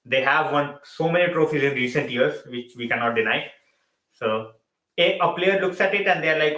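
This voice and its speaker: A man's voice: on the high side, normal speed, pushed and bright, echoey room, low-quality recording. A man hosting a live football stream, switching between Hindi and mid-sentence and repeating his phrases. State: tired and yawning late at night. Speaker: football channel host.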